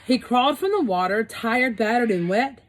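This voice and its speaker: A woman reading a rhyming picture book aloud in a rhythmic, expressive way, adding chatty asides. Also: a little high, moderate pace, rough recording. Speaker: storyteller.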